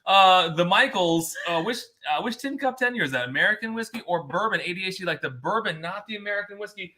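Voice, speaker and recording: A man's voice: high-pitched, quick pace. A man co-hosting a live whiskey tasting, talking in casual, joking banter. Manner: joking, animated and talkative.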